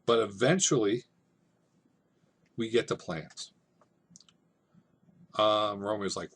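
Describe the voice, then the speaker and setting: A man teaching over slides, explaining a scene in relaxed, conversational everyday language. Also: fairly low pitch, slow pace, long pauses, slightly rough. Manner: relaxed, conversational, paraphrasing in plain modern speech. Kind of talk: casual classroom explanation.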